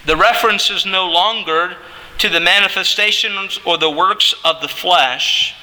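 A male pastor preaching slowly and deliberately, drawing out key words and swinging his pitch sharply up and down. His voice is high and very bright, and it rings with the long reverb of a hall. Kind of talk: sermon.

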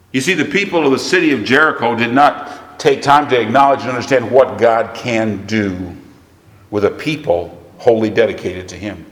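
American preacher in an echoey hall. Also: male voice, on the low side, fairly bright tone. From United States. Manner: conversational preaching with rhetorical questions to the congregation. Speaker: pastor. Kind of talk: sermon. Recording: echoey long reverb of a church hall.

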